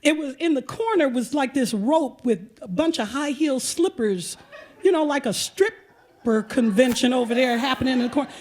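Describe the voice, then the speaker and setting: A woman hosting and telling a comic personal story live on stage at a museum auditorium, animated and full of breathless asides. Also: high-pitched, normal speed. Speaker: storyteller and host.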